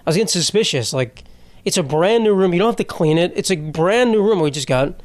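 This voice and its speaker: A man hosting a comedy podcast in a somewhat high voice, rambling through profane stories and laughing at his own jokes. The sound is close and dry. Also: fast, dry recording. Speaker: podcast host.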